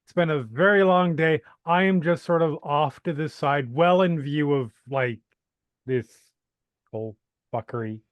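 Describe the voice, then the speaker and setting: Slow-talking man with a smooth, dry voice. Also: on the high side, no echo, lo-fi sound. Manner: slow, rambling, jokey. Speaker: player. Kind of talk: tabletop role-play.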